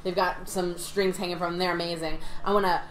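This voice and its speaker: A woman taking part in a tabletop game, describing her moves in excited, gushing talk, recorded in an echoey room. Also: on the low side, brisk, faint music behind. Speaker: player. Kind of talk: casual tabletop game play. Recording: echoey room with faint ambience.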